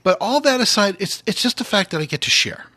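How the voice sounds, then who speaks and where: Podcast host, man, husky and lively, rambling earnest chat, dry close studio sound. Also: high voice, fast, dry recording. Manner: rambling, earnest, repeats words. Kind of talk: casual comedic chat.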